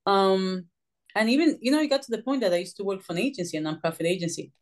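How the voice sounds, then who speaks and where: A woman's voice: medium pitch, fast. A woman from Puerto Rico with a Puerto Rican Spanish accent, Spanish her first language, telling her story as a guest in casual interview talk and acting out what she once asked. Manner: animated storytelling, acts out her own past questions. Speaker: guest author.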